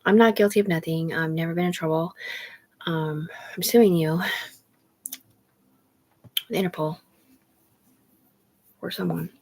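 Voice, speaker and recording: A woman's voice: lowish voice, steady tone, measured pace, long pauses, darkish tone, slight background noise. A woman livestreamer rambling on a live stream, jumping between topics and talking to her viewers. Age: adult. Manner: rambling, jumps between topics, talks to chat.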